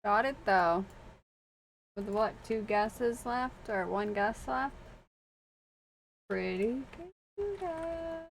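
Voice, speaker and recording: A woman's voice: on the high side, expressive, extremely slow, creaky, long pauses, slight background noise, low-quality recording. A woman streamer chatting casually while coding, laughing often and swearing now and then.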